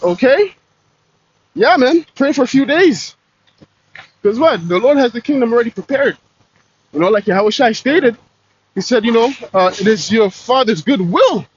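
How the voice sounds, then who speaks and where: Husky high-voiced man preaching casually. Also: lively intonation, normal speed, pauses often. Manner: slangy, fills with "man" and "you know". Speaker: street preacher. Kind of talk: casual street-style preaching. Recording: dull lo-fi recording.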